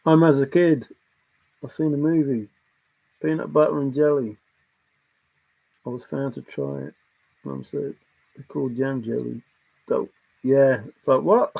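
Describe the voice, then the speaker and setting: Casting: male streamer, gravelly and husky, loose rambling chat with frequent laughs. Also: medium pitch, darkish tone. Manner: chatty, laughs often, wanders between topics. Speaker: livestream host reading chat.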